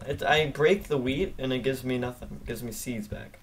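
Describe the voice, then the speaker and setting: A man's voice: mid-range voice, steady tone, normal speed, slight background noise. A man chatting casually while playing a game together, teasing and sarcastic with crude humor. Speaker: let's play gamer. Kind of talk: casual gaming chat.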